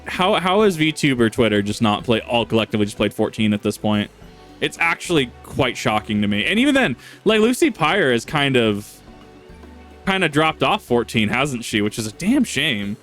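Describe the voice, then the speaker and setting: A man's voice: medium pitch, very animated, normal speed, fairly bright tone, faint music behind. A man commenting casually while playing a game, joking at his own expense and swearing now and then. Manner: self-deprecating, jokey, swears. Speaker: gaming streamer.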